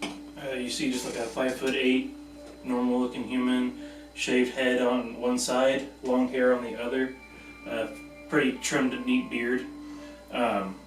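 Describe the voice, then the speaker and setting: A man describing his tabletop game character in a hesitant way. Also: mid-range voice. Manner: hesitant, with fillers. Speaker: player. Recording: roomy, far-off mic with music behind.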